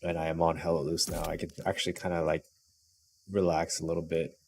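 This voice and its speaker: A man's voice: deep voice, monotone, a little fast, vocal fry, a little hiss or hum. A man boasting and swearing in casual commentary over a shooter game, brash and bragging. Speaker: gaming streamer. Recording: loud game gunfire behind voice. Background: loud gunfire and artillery from the game.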